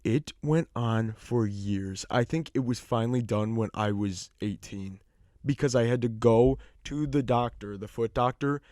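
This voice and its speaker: Young adult male podcast co-host, casual storyteller, mid-pitched, loose, filler-heavy, swears freely, dry close sound. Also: unhurried, a little mellow, no room sound.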